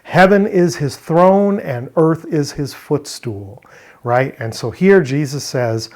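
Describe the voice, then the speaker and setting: A man's voice: a little high, lively intonation, slow, darkish tone. A man teaching a verse-by-verse Greek word study, explaining step by step and posing rhetorical questions. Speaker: Bible language teacher.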